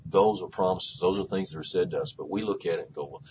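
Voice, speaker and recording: A man's voice: deep voice, fast talker, a little mellow, a little hiss or hum. A man preaching a sermon in a conversational, repetitive way, with many restarts, who rises to fervent emphasis.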